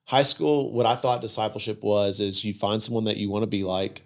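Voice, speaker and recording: Storytelling church podcast man, lowish voice. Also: fairly even intonation, a little fast, vocal fry. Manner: storytelling, acting out quoted speakers. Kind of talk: casual conversation.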